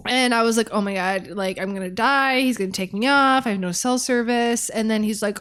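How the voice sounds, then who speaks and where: A woman guest on a podcast, telling a fishing story in a casual, animated way with many fillers. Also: on the high side, a little fast, few pauses.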